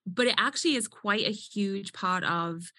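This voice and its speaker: A woman's voice: medium pitch, moderate pace, pushed and bright, no echo, clean studio sound. A woman in her thirties with a well-spoken northern English accent, chatting as a podcast guest and laughing often. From England. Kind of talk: casual chat.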